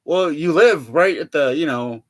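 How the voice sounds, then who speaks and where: Young male vlogger, somewhat high voice, rambling profane humor, lots of fillers. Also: a little slow, dry recording. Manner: profane, joking, laughs often, many fillers. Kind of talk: rambling casual monologue to camera.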